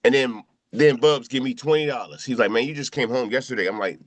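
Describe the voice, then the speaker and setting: A man's voice: mid-range voice, a little fast, no echo. A middle-aged man telling a loose, profane story among friends, repeating his phrases as he goes. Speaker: show crew member telling a memorial story.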